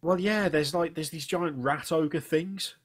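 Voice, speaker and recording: A man co-hosting a gaming podcast, telling stories in a rambling, excitable way with swearing. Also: a little high, a little slow, breathy edge. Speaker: podcast co-host. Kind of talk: casual gaming chat.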